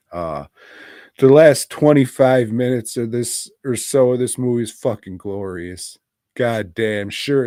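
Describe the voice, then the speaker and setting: Low, slow-talking profane podcast man. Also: a little mellow, dry recording, clean studio sound. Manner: profane, rambling and irreverent. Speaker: podcast co-host. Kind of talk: casual movie review chat.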